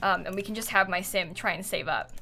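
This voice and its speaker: A woman's voice: lowish voice, a little fast, creaky, pushed and bright, soft background music. A young woman in her twenties chatting casually while streaming a building game, telling stories with lots of giggles. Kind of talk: casual livestream chat while gaming.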